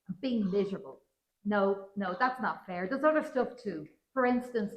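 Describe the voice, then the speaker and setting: A woman's voice: a little high, fairly bright tone. A woman, a children's author, reading a story aloud to an audience in a wry first-person voice. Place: large roomy museum hall at a public event. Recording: roomy event hall.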